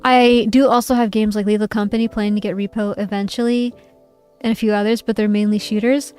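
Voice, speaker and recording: Streamer, woman, high bright pitch, giggly casual chat, soft music bed behind. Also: brisk, clean tone. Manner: playful and giggly, reads chat aloud. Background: faint background music.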